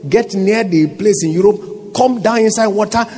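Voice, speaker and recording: A man with a Nigerian accent, a pastor preaching a sermon with call-and-response questions and swelling to shouts. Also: high voice, normal speed, slightly rough.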